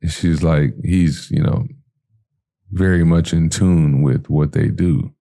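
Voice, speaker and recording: A man with a creaky bass voice speaks slowly, casually narrating a personal experience. He performs the lines of the people involved, his own among them, in an animated way full of fillers.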